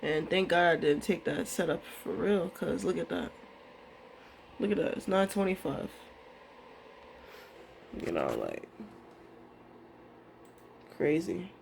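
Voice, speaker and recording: A woman's voice: fairly low pitch, sing-song, slow pace, creaky, long pauses, slight background noise. A young woman vlogging about her trading day, emotional and rambling, swearing casually as she talks. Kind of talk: candid emotional vlog monologue.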